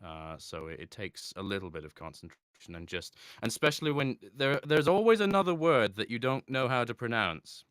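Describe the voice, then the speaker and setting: A man, a voice actor chatting in an interview, reflective and quick to laugh. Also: mid-range voice, big pitch swings, a bit bright, smooth, dry recording, studio quality. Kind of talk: casual interview talk.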